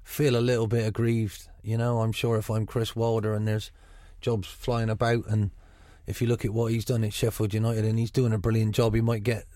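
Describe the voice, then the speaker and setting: This is a middle-aged football manager with a Gloucestershire burr being interviewed on radio, frank and chatty and prone to restarting his sentences. He speaks briskly and in a monotone, with few pauses, in a mellow voice on the low side, recorded dry in clean studio sound.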